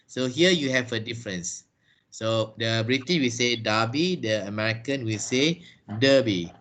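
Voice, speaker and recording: A man's voice: mid-range voice, moderate pace, a bit bright, slight background noise. A man with a Malaysian accent teaching English in a video call class, answering questions patiently and explaining step by step. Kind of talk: online class Q&A.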